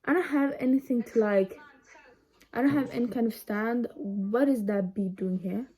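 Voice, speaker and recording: A woman's voice: on the high side, moderate pace, dark tone. Chatty young woman doing a makeup tutorial. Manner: chatty, rambling, many ums and asides. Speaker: makeup vlogger. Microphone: phone camera set low.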